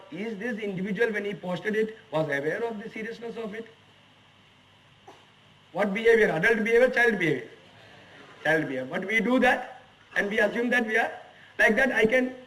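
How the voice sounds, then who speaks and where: High-voiced Indian man lecturing from afar. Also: fairly bright tone, far from the mic, poor audio. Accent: Indian English. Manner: emphatic, asks the audience rhetorical questions. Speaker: HR executive giving a guest lecture. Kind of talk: lecture to students. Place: lecture hall at a management institute.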